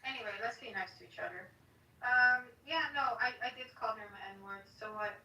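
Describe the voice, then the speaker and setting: A woman's voice: fairly high pitch, normal speed, bright, forceful tone. A woman needling others with provocative questions in casual voice chat. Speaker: voice chat participant. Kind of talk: crude casual banter. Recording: roomy and distant with faint ambience.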